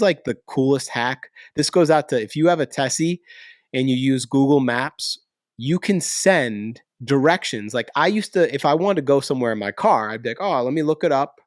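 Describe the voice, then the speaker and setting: Casual male host, animated and slangy, mid-range voice, dry close-mic recording. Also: medium pitch, fairly quick, dry recording. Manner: animated, slangy, lots of fillers. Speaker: podcast host. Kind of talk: casual chat.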